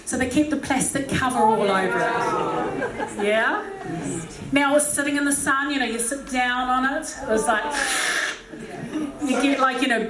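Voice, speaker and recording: A woman preaching a humorous sermon, chatty and joking with many asides, recorded from a distant mic in an echoey hall. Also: fairly high pitch.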